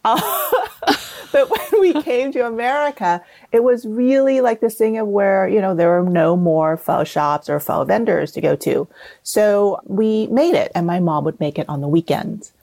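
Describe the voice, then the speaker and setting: Gravelly-voiced woman guest from Vietnam. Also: medium pitch, a little slow, no room sound. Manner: relaxed, explanatory, laughs often. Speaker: guest, cookbook author. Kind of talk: casual interview chat.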